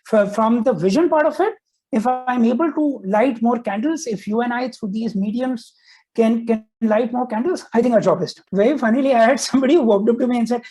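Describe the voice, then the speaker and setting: Man, podcast guest; warm, breathy tone, sincere and hesitant delivery. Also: very high voice, poor audio. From India. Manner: earnest, halting, many fillers. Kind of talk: casual interview chat.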